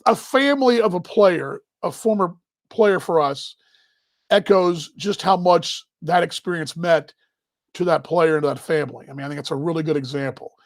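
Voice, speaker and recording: A man's voice: fairly high pitch, normal speed, no echo. A man hosting a live baseball chat show, rambling and emotional, talking while he juggles other tasks. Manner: rambling, emotional, talks while handling gear. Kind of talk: casual live stream chat.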